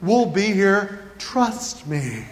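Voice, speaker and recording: A comedian voicing pushy older neighborhood boys taunting a small child, recorded live in a reverberant hall with audience noise. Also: male voice, high-pitched, sing-song, drawn-out words, pitched below the performer's own voice, heavily acted. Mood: goading. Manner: taunting, egging on.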